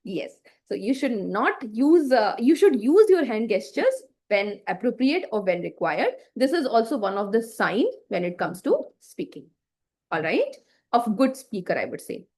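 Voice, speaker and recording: A woman's voice: fairly high pitch, sing-song, unhurried, darkish tone. A woman teacher giving an online class lecture, explaining with frequent fillers and check-in questions and acting out bad examples to demonstrate.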